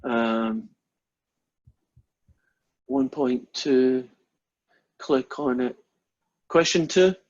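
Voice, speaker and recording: A man's voice: medium pitch, very slow, pauses often, a little mellow. A man teaching a math class over a video call, chatty and friendly. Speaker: math instructor. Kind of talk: online class, casual. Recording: dull lo-fi call audio.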